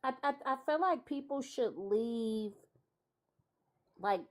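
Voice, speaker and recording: A woman's voice: on the high side, lively intonation, slow pace. A woman co-hosting a casual livestream chat, musing and thinking aloud.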